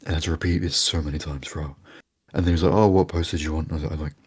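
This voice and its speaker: A British man in relaxed podcast banter, telling stories at a fast clip. His voice sits extremely low and sounds husky and breathy. He comes across as laid-back. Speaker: podcast co-host. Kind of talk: casual chat.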